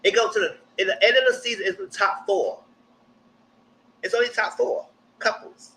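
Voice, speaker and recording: A young man, hosting a live reality TV recap in casual commentary with animated, exaggerated re-enactments. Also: high voice, moderate pace, rough recording.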